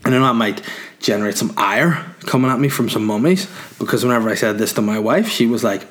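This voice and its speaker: A man's voice: medium pitch, animated, fast, fairly bright tone. A man with a Northern Irish accent delivering a rambling comic monologue as a podcast host. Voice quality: rambling, tangent-prone delivery.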